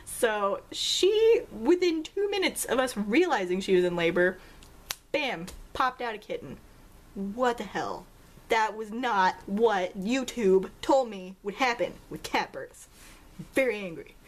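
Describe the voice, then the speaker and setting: A young woman chats loosely with her viewers in a vlog, telling a story with lively pitch swings and bursts of laughter. Her voice leaps high each time she acts out a quote, and her pace is a little slow.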